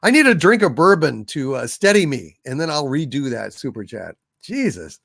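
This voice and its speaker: A man's voice: on the high side, very animated, moderate pace, gravelly, fairly bright tone, no room sound, studio quality. A man hosting a live stream, reading out viewer super chats, playful and self-mocking, a bit tired. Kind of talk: casual live-stream chat.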